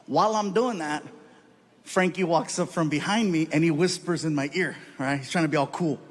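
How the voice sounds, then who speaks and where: High-voiced stand-up comedian shouting punchlines. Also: male voice, normal speed. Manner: animated, often shouting and laughing. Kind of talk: stand-up storytelling. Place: comedy stage before an audience. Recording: live show with audience noise.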